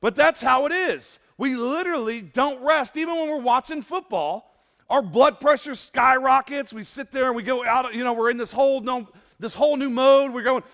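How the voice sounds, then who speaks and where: A man preaching a sermon to a church congregation, animated and asking the crowd questions, sometimes rising to loud exclamations. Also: extremely high pitch. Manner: asks the congregation questions and waits for answers. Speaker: pastor. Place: church sanctuary before a congregation.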